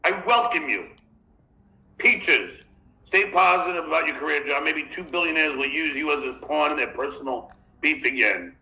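A male podcast host with a high, piercingly bright voice. He reads viewer chats aloud and answers them in a mocking, combative tone. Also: moderate pace, creaky, rough recording. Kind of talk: livestream chat reading.

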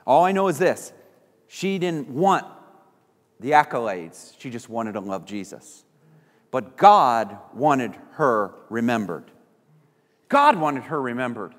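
Man, pastor, sermon, lively swooping voice, long church reverb. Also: mid-range voice, slow, pauses often. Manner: animated, acts out little voices of people he quotes. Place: church sanctuary.

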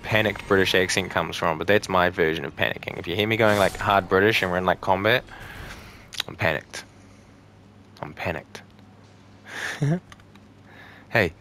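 With a fairly low, slightly bright voice, a young gaming channel host gives profane, jokey let's play commentary and answers back to the game's enemies. There is slight background noise.

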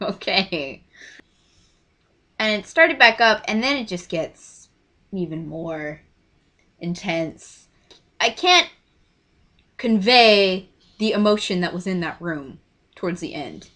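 Bright, gushing young woman vlogger. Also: medium pitch. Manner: gushing, excitable, trailing off into quiet asides. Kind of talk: casual storytime chat.

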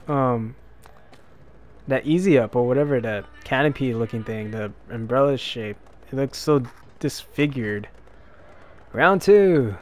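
A man's voice: mid-range voice, a little slow. A young man giving rambling, chatty commentary while playing a skateboarding video game, talking back at the characters on screen. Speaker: gaming YouTuber. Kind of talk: casual let's-play commentary. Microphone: desk microphone.

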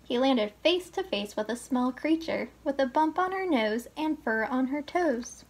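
A woman reading a children's picture book aloud as a teacher, slow and expressive. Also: sits high. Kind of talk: storybook read-aloud.

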